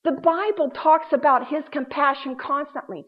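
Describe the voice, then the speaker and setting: A woman's voice: a little high, unhurried, long pauses. Dull-sounding woman preaching a sermon. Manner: expressive, swings from loud emphasis to hushed tones.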